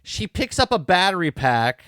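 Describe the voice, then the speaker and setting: Brief: male podcast host, slightly high voice, ranting and repeating himself, profane, dead-dry sound. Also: a bit bright, no echo. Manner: exasperated, rambling, repeats himself; swears freely. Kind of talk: casual show review commentary.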